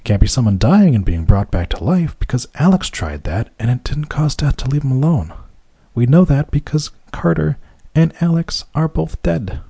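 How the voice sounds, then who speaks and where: Male film recapper, gravelly and husky, dry sarcastic asides. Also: medium pitch, mellow, no room sound. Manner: wry, sarcastic and profane asides. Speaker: movie recap narrator. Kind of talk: casual film recap commentary.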